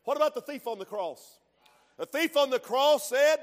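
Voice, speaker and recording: A man's voice: extremely high pitch, lively intonation, a little slow, long reverb tail. A man preaching a fervent sermon, punctuating his points with frequent amens.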